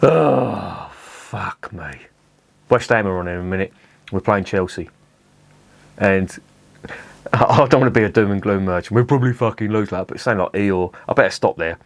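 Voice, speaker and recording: A man rants through a beer review, swearing freely and tripping over his restarts. His voice sits low, and the close recording is dry with no room sound. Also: normal speed, gravelly, dry recording. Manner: sweary, exasperated ranting with restarts. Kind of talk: ranting review vlog.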